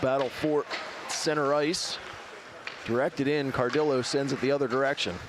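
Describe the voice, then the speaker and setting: A man giving brisk, clipped play-by-play commentary on a live hockey game. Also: mid-range voice, steady tone, noisy background.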